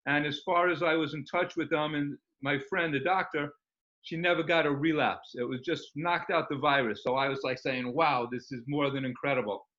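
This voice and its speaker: Male guest, slightly high voice, rambling and keen, muffled lo-fi sound. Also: steady tone, normal speed, bright, forceful tone. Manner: rambling and enthusiastic, many fillers. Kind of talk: casual interview talk. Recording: dull lo-fi recording.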